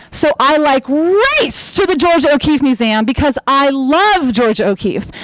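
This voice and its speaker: A young woman telling a personal story on stage in a chatty, animated way, full of fillers and acted-out quotes. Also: high-pitched, measured pace, hardly any pauses, no echo, poor audio. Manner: acts out her own quoted lines.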